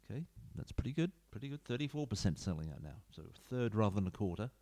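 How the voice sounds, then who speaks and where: A man with a lowish, dark, sing-song voice talks fast as he plays a football management game at home. As a gaming YouTuber, he gives rambling, casual commentary with offhand asides, captured by a desk mic feeding his computer.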